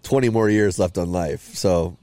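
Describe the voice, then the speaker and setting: A man's voice: sits low, moderate pace, dark tone. A young man in casual chat, teasing and wisecracking with his friends.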